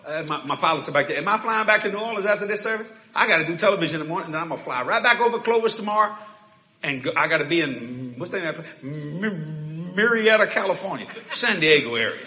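A man preaching a sermon in a church, shouting, laughing and talking fast in bursts. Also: a little high, expressive. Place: church hall with congregation. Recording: echoey church hall.

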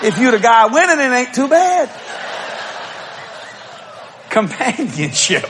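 A middle-aged man preaching a humorous storytelling sermon, acting out quotes and bursting into shouts and laughter. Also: extremely high pitch, wildly swooping pitch, moderate pace, pauses often, a crowd in the background, noisy background.

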